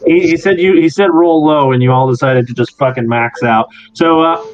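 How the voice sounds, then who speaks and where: A man's voice: fairly high pitch, moderate pace, smooth, no echo. Joking, swearing male game master. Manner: casual, laughs often, swears freely. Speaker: dungeon master. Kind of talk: narrating a tabletop game. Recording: muffled recording with background music.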